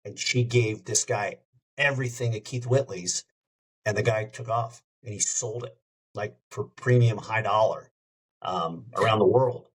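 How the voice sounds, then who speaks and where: A man who hosts a radio show, telling a story in a casual, lively way as a podcast guest. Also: on the low side, measured pace, breathy edge. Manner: lively anecdote-telling, acts out quoted dialogue.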